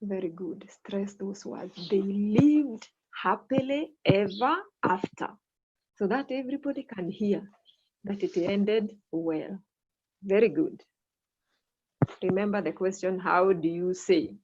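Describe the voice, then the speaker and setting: A woman's voice: mid-range voice, a little slow, background noise. Woman teacher running an online class, keeps repeating students' answers, muffled call audio. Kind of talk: online English lesson. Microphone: video call.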